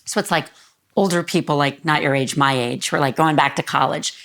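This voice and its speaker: A woman's voice: sits low, fairly quick, a little hiss or hum. Earnest woman in her fifties, near tears. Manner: earnest, voice rises when emotional. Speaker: guest. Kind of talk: emotional interview conversation. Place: living room.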